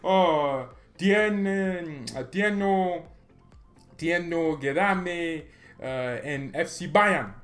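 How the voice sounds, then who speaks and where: A man's voice: fairly high pitch, a bit bright, faint music behind, voice pushed up. A man putting on a stumbling mock-Spanish footballer. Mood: pleading. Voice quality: halting, stumbling. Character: pleading male footballer with mock Spanish accent.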